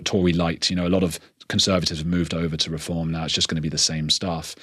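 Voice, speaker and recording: An English man, a podcast guest, talking in a quick, earnest way and restarting his sentences often. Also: sits low, a bit bright, breathy edge, no echo, studio quality. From England. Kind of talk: conversational interview.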